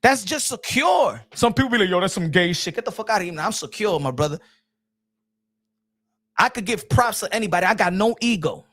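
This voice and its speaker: A man giving casual livestream commentary, animated and rambling, with frequent restarts, laughs and bursts of shouting. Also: high voice, fairly quick, breathy edge. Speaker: boxing commentary streamer.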